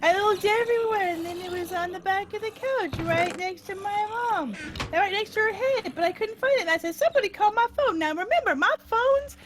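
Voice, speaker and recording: High, lively woman streamer telling a giggly story; noisy mic. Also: a little fast. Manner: animated, giggly, acts out quotes in voices. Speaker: streamer joining a Minecraft session. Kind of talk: casual storytelling chat.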